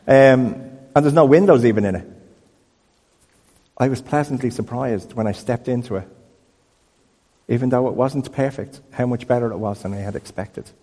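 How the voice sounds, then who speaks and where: Pastor preaching in a reverberant hall. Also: male voice, medium pitch. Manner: conversational storytelling, animated. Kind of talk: sermon. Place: church building.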